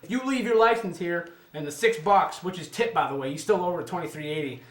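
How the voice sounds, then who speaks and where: A brisk, high-voiced man in his twenties recounts a story casually, swearing heavily and animatedly performing other people's lines. The room sounds echoey.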